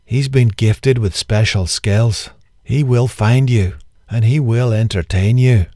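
A man doing a slow, menacing Irish tough guy. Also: mid-range voice, dark tone, dry recording, studio quality, natural voice. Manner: slow, deliberate, threatening.

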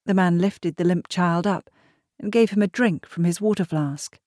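A woman narrating a storybook in a measured, expressive reading. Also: fairly low pitch, no echo, clean studio sound.

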